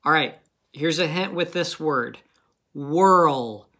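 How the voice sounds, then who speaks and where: A man's voice: a little high, measured pace, sharp tone. A man teaching a phonics lesson to young children in a patient, encouraging manner.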